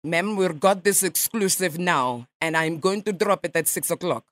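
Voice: mid-range voice, normal speed, a bit bright, no echo, natural voice. A radio host putting on a pushy fake Russian gossip reporter. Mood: accusing. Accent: put-on Russian. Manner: brash, prying, mocking questions. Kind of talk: prank call.

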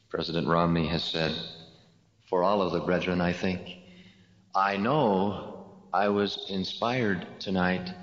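A man giving a sermon, telling a story slowly and deliberately with dramatic pauses, recorded in a large hall. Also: deep voice. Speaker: religious speaker. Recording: echoey hall, dull lo-fi sound.

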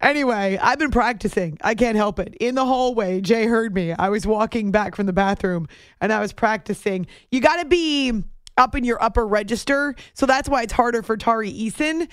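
A woman hosting sports radio in a casual, playful way, who sometimes breaks into high shouted impressions. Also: moderate pace, clear, resonant tone, dry recording, clean studio sound. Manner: playful, tries high movie-villain shouts.

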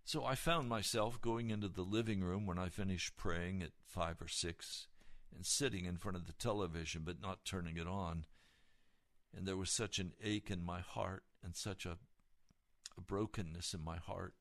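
A man's voice: low-pitched, steady tone, moderate pace, a bit bright. A male pastor giving an earnest, emotional testimony on a broadcast sermon.

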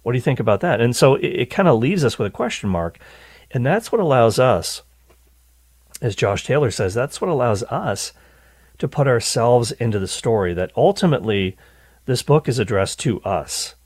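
A man hosting a radio Bible teaching show, talking in an animated way and often repeating words as he starts a thought. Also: mid-range voice, normal speed, dry recording. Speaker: radio host.

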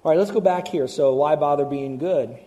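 A man preaching a radio sermon as a Bible teacher, animated, acting out voices to make his points. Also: a little high, brisk.

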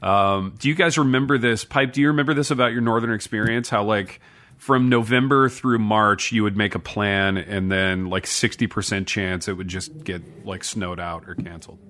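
A man's voice: on the low side, fairly even intonation, normal speed, a bit bright. A middle-aged man co-hosting a podcast, rambling and joking about himself in casual chat. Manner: rambling, self-deprecating, laughs often. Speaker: podcast co-host.

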